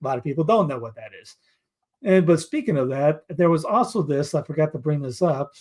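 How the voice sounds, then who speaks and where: A man's voice: on the high side, expressive, a little fast, darkish tone. Rambling man reading headlines. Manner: rambling, with restarts and asides. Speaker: commentary show host. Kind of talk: casual news commentary, reading headlines aloud.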